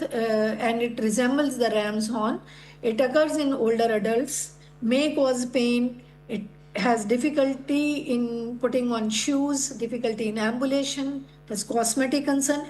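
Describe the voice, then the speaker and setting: A woman giving a medical conference lecture, explaining slides in a clinical way with many pauses and fillers. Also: fairly high pitch, darkish tone, a little hiss or hum, low-quality recording. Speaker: conference speaker.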